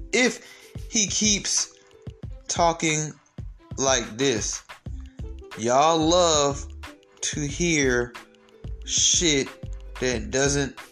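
A man's voice: mid-range voice, a bit bright. A young man giving a blunt, confrontational commentary rant, profane and rambling with frequent restarts. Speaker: commentary vlogger. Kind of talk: ranting commentary to camera.

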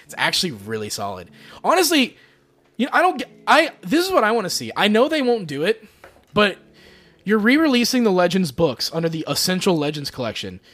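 A man co-hosting a podcast in casual chat, excitable and swearing freely, often restarting his sentences. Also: high-pitched, brisk. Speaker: podcast co-host.

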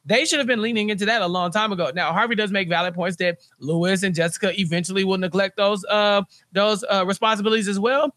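Animated high-voiced podcast host. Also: male voice, fast talker, few pauses, no room sound. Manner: animated ranting with mocking impressions. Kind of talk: TV recap podcast chat.

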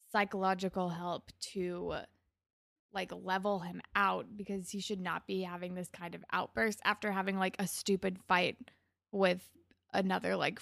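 A young woman with a gravelly, creaky edge to her voice retells a show's scenes in casual chat. She leans on filler words and acts out the characters' lines with animated energy. The sound is dry and close. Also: mid-range voice, dry recording. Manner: animated retelling with acted-out quotes, lots of "like". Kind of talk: casual chat recapping a show.

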